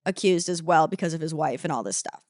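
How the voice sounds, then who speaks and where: Animated, swearing young woman podcaster. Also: low voice, no room sound, studio quality. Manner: swearing, animated, acts out characters in quick voices. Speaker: podcast co-host. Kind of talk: casual comedic recap chat.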